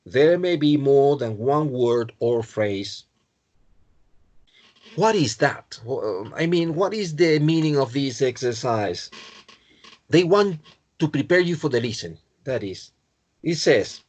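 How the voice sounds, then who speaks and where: Spanish-accented male teacher, English lesson online, unhurried, halting and self-correcting. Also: medium pitch, expressive, darkish tone. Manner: halting, repeats and corrects himself, apologetic. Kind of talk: online exam-prep lesson.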